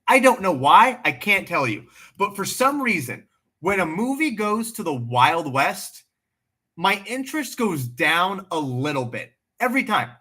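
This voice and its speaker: Male livestream host, bright forceful tone, blunt and animated, swears freely, casual off-the-cuff chat. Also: sits high, measured pace, slightly rough.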